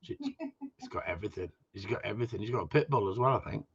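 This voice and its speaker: A man who trains gundogs answers viewer questions in a casual Q and A, blunt and rambling, with casual swearing. He talks rapid-fire in a fairly low, slightly rough voice, and the sound is dull and lo-fi.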